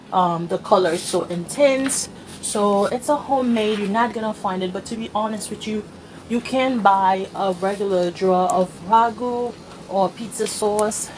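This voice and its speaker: A woman's voice: mid-range voice, slight background noise, poor audio. A woman chatting casually to her viewers while she cooks at home, laughing at herself as she goes. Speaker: home cooking vlogger. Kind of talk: casual cooking demonstration. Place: home kitchen.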